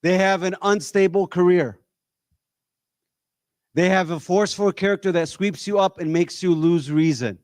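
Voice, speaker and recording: A man addresses a gathered audience, pressing them with question after question. His voice sits fairly high for a man, and the sound is close and dry, with no room echo. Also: normal speed, pauses often, darkish tone, smooth. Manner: direct, exhorting, rhetorical questions. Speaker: discussion leader. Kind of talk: community talk to a live audience.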